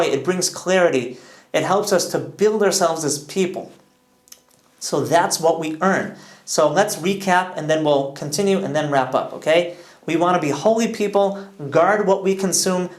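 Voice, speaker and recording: Man, thirties, upbeat Torah teacher, higher voice, roomy echo. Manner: earnest, enthusiastic teaching with Hebrew and Yiddish terms. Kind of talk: informal Torah lesson. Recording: echoey room.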